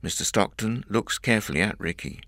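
A man narrating a story in a clear, expressive audiobook reading. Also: fairly low pitch, fairly quick, dry recording, studio quality.

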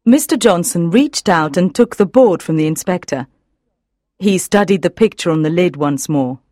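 Woman reading an audiobook, low voice. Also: expressive, normal speed, dark tone, dry recording, studio quality. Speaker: narrator. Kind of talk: scripted audiobook narration.

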